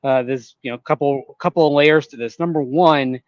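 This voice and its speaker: Calm man explaining on sports radio. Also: mid-range voice, fairly quick, no echo, muffled recording. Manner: calm, explanatory, with fillers and restarts. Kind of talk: measured sports talk analysis.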